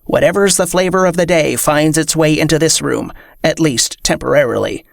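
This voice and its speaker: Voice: mid-range voice, moderate pace, gravelly, no room sound, studio quality, natural voice. A reader voicing a sardonic robot card player who lectures dryly.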